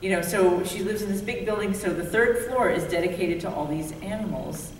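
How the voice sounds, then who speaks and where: A middle-aged woman, a comics artist on a convention panel, telling a story in a lively, giggly way with lots of fillers. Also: mid-range voice, a little fast, slight background noise. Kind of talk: casual storytelling. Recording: echoey hall from far off.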